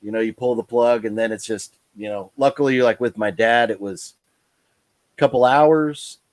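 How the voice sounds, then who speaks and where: A tired man chats on a live stream, rambling through his thoughts with plenty of fillers and restarts. His voice sits at an ordinary pitch, and the sound is close and dry with no room echo. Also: normal speed. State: tired, yawning. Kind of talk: casual live stream chat.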